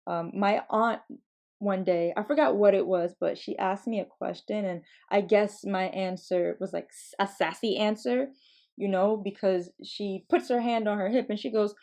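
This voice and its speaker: Hosting her podcast, this twenties-aged woman spins comedic tales casually and with energy, swearing and laughing as she goes. Her voice is gravelly, medium in pitch, and delivered at a moderate pace.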